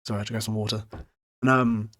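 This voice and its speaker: Low, flat-voiced British man recapping casually. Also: rapid-fire. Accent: British English. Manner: rambling, swears freely, chuckles often. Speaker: podcast host recapping a book.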